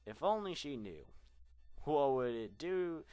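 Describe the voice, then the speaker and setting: A man's voice: on the high side, very animated, a little slow, a little mellow, no echo. A young man reading a fan story aloud, rambling in asides and stumbling over words. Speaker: fan fiction reader.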